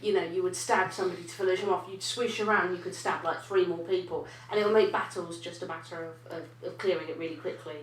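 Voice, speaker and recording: A British woman chats casually as a podcast co-host, making wry asides and restarting her sentences. Her voice is fairly low for a woman. The room is echoey. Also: fairly even intonation, fast talker, few pauses, distant mic, slight background noise. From Britain. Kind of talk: casual chat.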